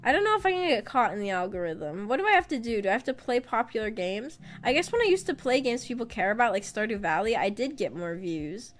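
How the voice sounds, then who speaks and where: A woman's voice: a little high, sing-song, fast, few pauses. A woman VTuber streamer chatting casually on a livestream, rambling, trailing off with fillers and laughing often. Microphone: streaming microphone. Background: faint background music.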